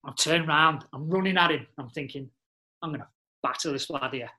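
Scouse bloke, ex-footballer, swearing his way through stories, bit higher voice. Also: moderate pace. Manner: blunt, swearing, animated storyteller with slang. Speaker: podcast guest, former footballer. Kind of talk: casual storytelling chat.

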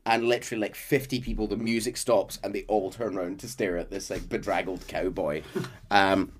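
A man co-hosting a podcast, casually retelling a game's story and slipping into quick character voices. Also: fairly low pitch, fairly even intonation, a little hiss or hum. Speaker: podcast co-host.

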